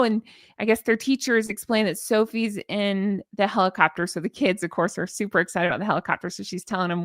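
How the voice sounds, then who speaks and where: A woman's voice: on the high side, fast talker, dry recording, clean studio sound. A woman hosting a casual live-stream commentary, chatty and gushing as she reads viewer comments aloud. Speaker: YouTube commentary host.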